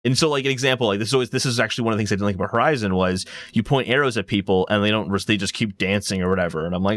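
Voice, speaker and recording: A man's voice: fairly low pitch, very fast, hardly any pauses, fairly bright tone. A man co-hosting a casual gaming podcast, telling stories in a rambling, enthusiastic way. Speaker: podcast co-host.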